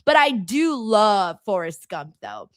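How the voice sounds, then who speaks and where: Bright-voiced, laughing woman streamer. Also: medium pitch, takes it slowly, no room sound, clean studio sound. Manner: laughs often, swears freely, animated and chatty. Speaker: streamer hosting a wrestling watchalong. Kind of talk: casual chat reacting to a live show and reading comments.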